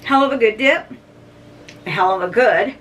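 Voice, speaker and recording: A middle-aged woman reviews snacks casually on her food channel, chatting to camera and humming and chewing between bites. She sounds unhurried, with a slightly high, fairly bright voice, captured by a distant mic amid faint background noise.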